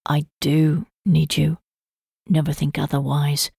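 A woman reading the lines of a gentle, protective young gentleman in a quiet voice. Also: deep voice, level tone, takes it slowly, vocal fry, breathy edge, no echo, studio quality, heavily acted.

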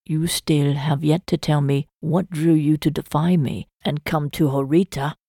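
A woman reading a quiet, protective gentleman. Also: low voice, steady tone, measured pace, breathy edge, dry recording, clean studio sound, exaggerated voice.

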